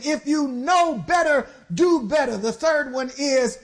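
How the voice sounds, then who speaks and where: High-pitched woman preacher, fervent, calls on the church to answer back. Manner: exhorting, call-and-response with the congregation; swings between slow stressed phrases and quick bursts. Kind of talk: sermon.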